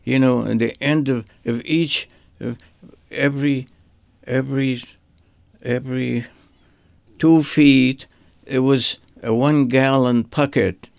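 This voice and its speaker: An older man speaks with a gravelly, rough edge and a flat, even delivery. He recalls his life in a halting, meandering way, often repeating a word before moving on. The recording is dry and close. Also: mid-range voice, dry recording. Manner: halting, repeats words while searching for them. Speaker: artist guest. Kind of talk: rambling personal reminiscence.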